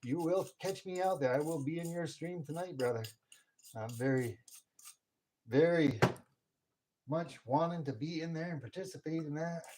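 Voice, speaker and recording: Excitable man, casual live streamer, light noise behind. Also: on the high side, normal speed, pauses often. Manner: excitable, whoops and laughs often. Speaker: live streamer casting metal.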